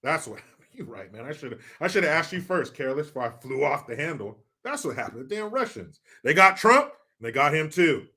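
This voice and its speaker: A man's voice: fairly high pitch, very animated, quick pace, sharp tone. A man hosting a live commentary stream, reading chat comments in a mock-serious, sarcastic and profane way.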